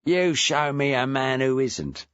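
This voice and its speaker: A man voicing a brash, crude, sharp-tongued ex-wife in a storybook reading. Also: mid-range voice, takes it slowly, clean tone, no echo, highs cut off. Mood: coarse, defiant. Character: coarse, brash chain-smoking ex-wife, a woman.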